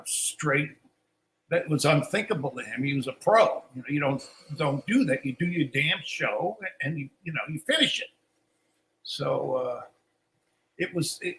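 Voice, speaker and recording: A man's voice: a little high, pushed and bright, low-quality recording. An older man, a guest musician, telling rambling stories in a casual live Q&A. He restarts his sentences often and acts out quoted lines.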